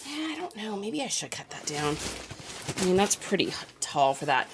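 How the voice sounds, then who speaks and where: There's background noise as a woman with a low-ish, sing-song voice speaks at a moderate pace. A reseller packing orders on a live stream, she chats casually with her viewers and reads out their comments.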